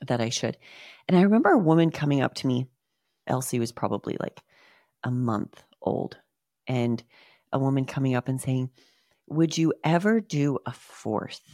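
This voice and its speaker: An earnest woman in her thirties shares a personal story and gets emotional as she speaks. Her voice sits low and has a gravelly edge. The recording is dry and close. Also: darkish tone, no room sound. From Utah. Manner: emotional, earnest, addresses listeners as guys. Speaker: podcast host.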